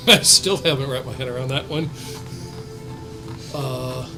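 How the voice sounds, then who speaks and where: A man's voice: medium pitch, fairly even intonation, a little slow, music in the background, poor audio. A man casually recapping a tabletop campaign, laid-back and trailing off with fillers.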